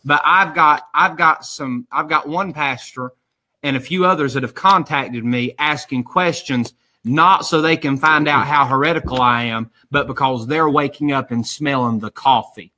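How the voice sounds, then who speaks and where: A man's voice: a little high, normal speed, sharp tone. A man hosting a live-streamed religious talk show, rambling and defiant, with many restarts. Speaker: show host.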